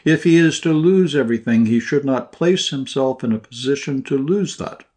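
A man's voice: fairly low pitch, normal speed, dark tone, natural voice. A man reading an audiobook, voicing a stern, bitter Italian army major who speaks in clipped, commanding lines. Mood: angry.

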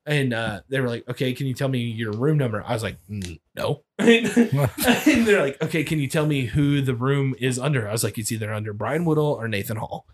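A man's voice: medium pitch, a little fast, few pauses, a little hiss or hum. A man telling a wild story on a casual podcast, swearing often and laughing as he goes. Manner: profane, laughing, animated retelling. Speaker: storyteller guest.

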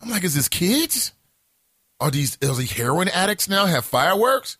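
A man hosting a casual morning talk show, telling a story in an animated, profane way. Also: high voice, normal speed, slightly rough, no echo, clean studio sound. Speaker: host.

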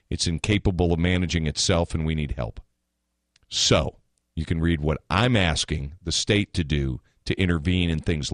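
A man's voice: low-pitched, fairly bright tone, dry recording, studio quality. Blunt ranting male radio host. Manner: blunt, ranting, with sarcastic asides. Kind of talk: opinionated radio commentary.

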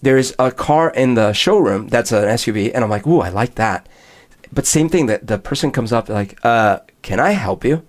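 A man's voice: medium pitch, lively intonation, normal speed, a little mellow. A man in casual conversation, telling a long story and acting out both sides of the dialogue. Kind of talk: casual chat.

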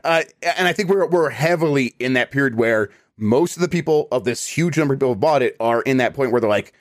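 A man co-hosts a casual gaming podcast, reading out listener questions with easy filler words. His voice sits at a middle pitch. The sound is close and dry, with no room around it. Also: expressive, fast, few pauses, no echo. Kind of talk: casual chat.

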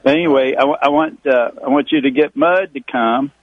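An older man calling in to a radio show, rambling and halting, repeating himself as he talks. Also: mid-range voice, dry recording. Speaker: caller. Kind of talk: casual phone call to a radio show. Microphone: phone. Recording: dull dry phone line.

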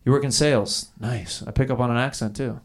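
A man's voice: medium pitch, fairly even intonation, fairly quick, noisy background. A man doing improvised stand-up, riffing and teasing the audience on a comedy club stage. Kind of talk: improvised stand-up crowd work. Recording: live club with laughing crowd.

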